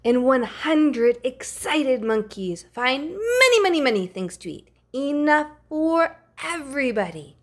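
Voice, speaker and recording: Female picture-book reader, unhurried and animated, playful with whispered asides. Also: high voice. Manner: expressive, playful, gasps and hushes for effect. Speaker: storybook reader. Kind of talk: reading a picture book aloud.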